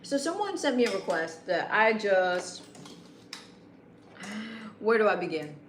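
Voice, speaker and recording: A woman's voice: mid-range voice, big pitch swings, measured pace, reverberant, slight background noise. A woman live streaming a rambling late-night chat with viewers, greeting them by name, with a broadcaster-like voice.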